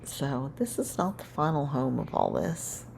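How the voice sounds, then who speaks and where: Slow gravelly woman crafting voice-over. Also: rumbling low, slight background noise. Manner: rambling, self-correcting, relaxed. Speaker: scrapbooking crafter.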